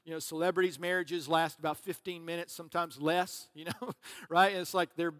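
A man's voice: fairly high pitch, steady tone, brisk, fairly bright tone. A man preaching a sermon as pastor, conversational and joking, with asides to the congregation. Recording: long reverb of a large hall.

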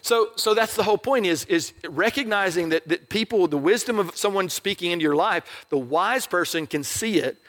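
Middle-aged male pastor, high-pitched, casual joking sermon delivery. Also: animated, normal speed, hardly any pauses, fairly bright tone. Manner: conversational, joking, asks "right?" often.

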